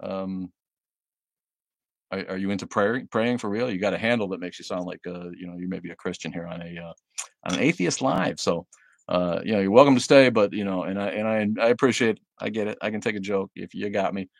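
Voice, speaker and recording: A man's voice: deep voice, fairly even intonation, brisk, gravelly, no room sound, clean studio sound. A man hosting a casual livestream, reading viewer comments aloud and answering them bluntly and sardonically, with frequent fillers and laughs. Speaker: livestream host.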